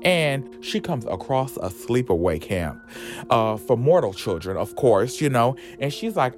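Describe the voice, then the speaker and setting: A man hosting a podcast, retelling a horror story in a sassy, slangy, campy comedic way. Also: a little slow. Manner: sassy, animated, slangy storytelling with lively swoops in pitch. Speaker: podcast host retelling a comic book story. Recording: music playing under the voice. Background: background music.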